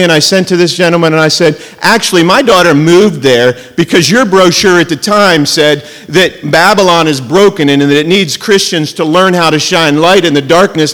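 High-voiced man preaching in a reverberant hall. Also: a bit bright. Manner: conversational storytelling with jokes and asides; emphatic, slows down to stress key words. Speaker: pastor. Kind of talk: sermon.

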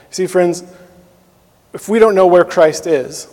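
A man's voice: a little high, normal speed, a little mellow, in a large hall. A man giving a sermon as a pastor, in a conversational manner, often asking listeners questions and adding "right?".

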